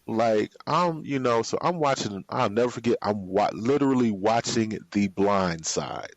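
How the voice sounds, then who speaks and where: A man from the United States, a podcast guest, telling a personal story in a relaxed, drawn-out way with slang. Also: on the low side, no echo. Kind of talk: storytelling in a casual interview. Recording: slightly muffled, dry sound.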